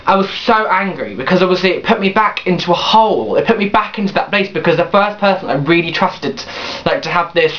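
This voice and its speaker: A man's voice: high voice, lively intonation, brisk, few pauses. A young man in his late teens telling a personal story on his vlog, rambling with restarts and blunt swearing. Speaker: vlogger. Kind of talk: casual confessional storytelling. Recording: dull lo-fi webcam recording.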